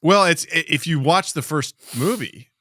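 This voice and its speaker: Animated bright-voiced man co-hosting a podcast. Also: a little high, normal speed, dry recording, clean studio sound. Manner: animated storyteller, swears freely, acts out quotes. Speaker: podcast co-host. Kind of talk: casual chat.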